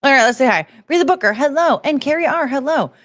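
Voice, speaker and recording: A woman's voice: high-pitched, lively intonation, fast, a bit bright. Chatty woman hosting a livestream. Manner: chatty, greets viewers, sing-song asides. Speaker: livestream host. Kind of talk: casual livestream chat.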